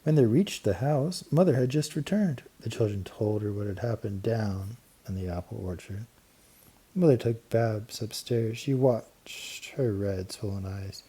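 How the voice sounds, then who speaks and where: A man narrating a children's storybook with steady, clear storytelling and lively emphasis. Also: on the low side, a little slow. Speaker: audiobook narrator. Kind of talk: storybook reading.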